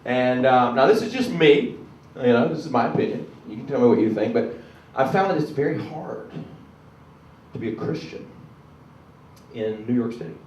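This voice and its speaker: A man's voice: medium pitch, moderate pace, dull audio, a little hiss or hum. A man from South Carolina with a Southern accent doing a chatty, self-deprecating stand-up comedy set on a club stage. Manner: chatty, self-deprecating, bursts into loud announcer voices. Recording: echoey club from a distant camera.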